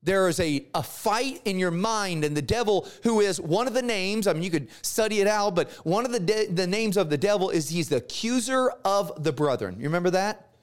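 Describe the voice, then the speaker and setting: Guy teaching bible class, high voice, super animated, acts out all the characters, says dude a lot. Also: a little fast. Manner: animated storytelling, acts out characters in slangy asides.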